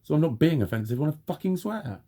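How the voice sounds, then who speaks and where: A man's voice: fairly high pitch, sing-song, fast, warm tone. A man in a heated, blunt personal rant, swearing constantly as he tells his story to camera. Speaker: vlogger.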